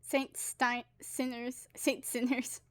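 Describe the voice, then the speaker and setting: A woman's voice: high-pitched, flat delivery, takes it slowly, background noise. A woman streaming a game live, chatty and self-interrupting as she reads the game text aloud. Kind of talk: live game playthrough commentary. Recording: game music under the voice. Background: game music.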